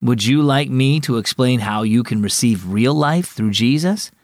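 A man voicing a kindly, patient Sunday school teacher who speaks gently and encouragingly. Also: medium pitch, animated, moderate pace, no echo, clean studio sound, close to an everyday voice. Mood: gentle.

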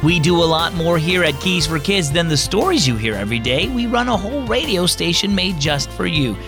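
A man's voice: fairly high pitch, animated, brisk, creaky, music in the background. A man narrating a scripted children's devotional story and speaking directly to young listeners. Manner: warm teaching tone for children.

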